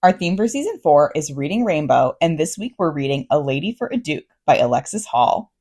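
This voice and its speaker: A woman's voice: low voice, very animated, a little fast, dark tone, breathy edge. A woman co-hosting a book podcast, chatting casually with dry, joking sarcasm. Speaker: podcast co-host. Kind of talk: casual chat.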